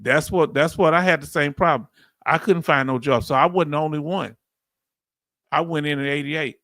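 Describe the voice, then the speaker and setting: Southern guy in his 50s chatting on a livestream, reads the comments out loud, dead dry mic. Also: fairly high pitch, moderate pace, dry recording. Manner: chatty, reads chat aloud, bursts of laughing excitement. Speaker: veteran livestream host. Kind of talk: casual livestream chat reading comments.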